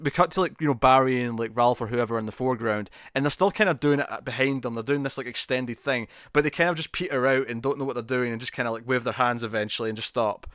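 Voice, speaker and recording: Animated man co-hosting a TV podcast. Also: medium pitch, quick pace, hardly any pauses, no room sound, studio quality. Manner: animated, repeats words, many fillers and restarts. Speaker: podcast co-host. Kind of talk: casual chat reviewing TV episodes.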